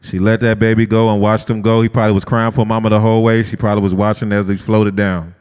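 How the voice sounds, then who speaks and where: Man, lively preaching-style teacher, smooth resonant voice, long reverb. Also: lowish voice, fast talker. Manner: lively, talks straight to the group, asks them questions. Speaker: Bible study teacher. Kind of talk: conversational sermon-style lesson.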